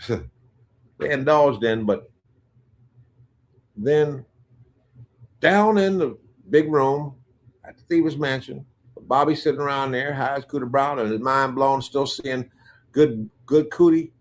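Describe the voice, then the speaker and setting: A man telling a crude, casual story and acting out other people's voices. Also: mid-range voice. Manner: animated, crude, acts out voices.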